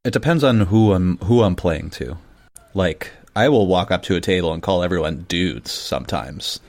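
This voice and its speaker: A man's voice: low-pitched, lively intonation, normal speed, darkish tone. A man with a Midwestern American accent, co-hosting a podcast in rambling, self-deprecating casual chat. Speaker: podcast co-host.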